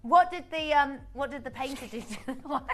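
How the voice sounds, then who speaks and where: A woman's voice: high voice, fairly quick, heavy background noise. A woman presenting on a live shopping channel, chatting in a playful, giggly way and telling jokes in a TV studio. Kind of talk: lively live TV chat.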